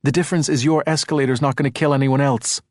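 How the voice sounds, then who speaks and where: A man reading a novel aloud, voicing a sharp-tongued woman police detective who speaks in clipped, blunt, irritated bursts. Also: medium pitch, fairly even intonation, fast talker, no room sound, studio quality, voice pushed up, lightly acted.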